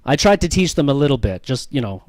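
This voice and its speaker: A man's voice: medium pitch, big pitch swings, fast talker, no room sound, studio quality. A man doing stand-up crowd work, teasing the audience with profane jokes. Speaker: stand-up comedian. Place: comedy venue with live audience.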